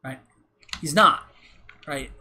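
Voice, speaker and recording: A man's voice: a little high, takes it slowly, bright, forceful tone. A man hosting a casual livestream, ranting in a rambling, repetitive way, tagging his points with "right?" and swearing often. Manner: rambling and repetitive, heavy "right?" tags, profane. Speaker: livestream host.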